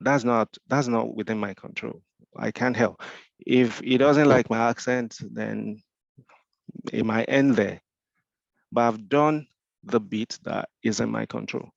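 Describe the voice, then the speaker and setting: A man with a Nigerian accent speaks as a mentor in a Q&A discussion, his voice gravelly with fry. He explains step by step, asks rhetorical questions and often restarts his sentences. The recording is dull and lo-fi, with a dry, close sound. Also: medium pitch, fairly even intonation, unhurried, no room sound.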